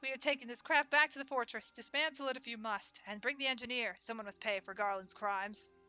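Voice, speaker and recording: A cold, commanding imperial officer, read aloud by a woman who barks clipped orders at his soldiers. The voice sits fairly high and rings bright and forceful, haughty rather than menacing, with the feel of game dialogue read aloud on a stream. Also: a little fast, faint music behind. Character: stern male imperial officer, ruthless, commanding.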